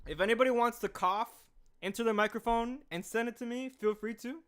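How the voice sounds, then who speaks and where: A man's voice: extremely high pitch, brisk, fairly bright tone, clean tone. A man in his twenties chatting casually and with a laid-back manner on a livestream, into a USB condenser mic. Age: 20s. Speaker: streamer and animator.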